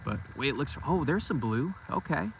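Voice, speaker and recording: A man's voice: a little high, animated, moderate pace, gravelly, poor audio. Forty-year-old man chatting to his goats. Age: 40s. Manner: talks to his goats in a playful, teasing way. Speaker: vlogger. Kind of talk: casual chat. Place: outdoors on a goat farm. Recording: outdoor noise behind. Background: goats and outdoor ambience.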